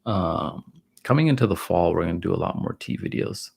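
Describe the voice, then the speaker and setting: A man in his thirties talks easily to his livestream viewers and answers their questions. His voice sits low with a gravelly fry and a husky edge. He speaks loosely and leans on "like" and "you know". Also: a little fast. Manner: loose, relaxed talk full of "like" and "you know". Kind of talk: casual livestream chat.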